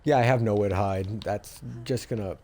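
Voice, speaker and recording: A man's voice: on the low side, normal speed, a little mellow, slight background noise. A man streaming a live game, talking to himself and to the other players in a stop-start, chatty way. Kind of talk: live gameplay commentary.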